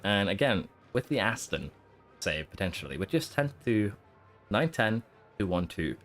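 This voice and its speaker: A man's voice: on the low side, very animated, normal speed, fairly bright tone, soft background music. A man streaming a racing management game, thinking aloud in a casual, rambling way with lots of fillers, while fighting off hiccups. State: hiccuping and holding them in. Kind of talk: casual live-stream commentary.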